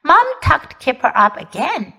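A woman, a native Mandarin speaker, teaching English by reading a children's story aloud in slow, expressive storytelling. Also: high voice, gravelly. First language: Mandarin Chinese.

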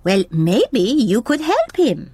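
A woman voicing a kindly gazelle playgroup teacher in a cartoon, gentle and encouraging. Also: fairly high pitch, huge pitch swings, slow pace, husky, no room sound, full character voice.

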